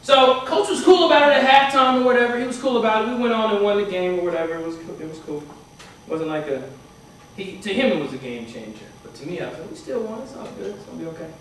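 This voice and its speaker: A man's voice: high voice, quick pace, a bit bright, slight background noise. A man giving a motivational talk to students, telling a story in a chatty way and often asking "right?". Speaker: motivational speaker. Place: university hall. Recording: echoey hall from far off.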